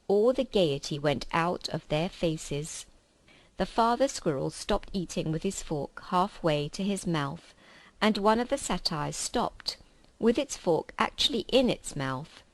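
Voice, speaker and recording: Woman reading a kids book out loud, really slow and calm, dry close sound. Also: lowish voice, no room sound, poor audio. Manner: calm, measured storytelling. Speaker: reader. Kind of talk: reading a children's novel aloud.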